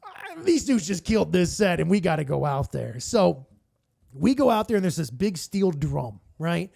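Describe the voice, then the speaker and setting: A radio co-host tells stories as a podcast guest, and his voice sits high with a gravelly rasp running through it. He talks in an animated, profane way and acts out other people's quotes as he goes. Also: normal speed. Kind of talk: casual storytelling.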